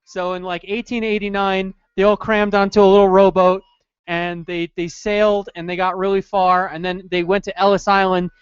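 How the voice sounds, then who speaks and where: High-voiced joking podcast guy. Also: flat delivery, normal speed, clear, resonant tone, no room sound, dull audio. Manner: joking, loose storytelling with put-on voices. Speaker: podcast co-host. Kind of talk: casual comedic chat.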